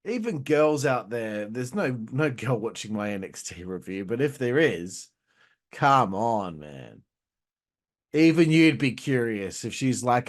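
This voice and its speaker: A man's voice: mid-range voice, sing-song, takes it slowly. A man hosting a casual wrestling review who rambles, swears a lot and laughs at his own jokes. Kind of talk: casual profane video review.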